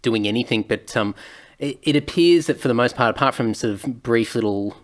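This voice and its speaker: A man of middling pitch hosts a casual podcast interview. He talks in an easygoing way, pausing on ums as he reads from his notes. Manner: relaxed, reads notes aloud, many ums. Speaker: podcast host.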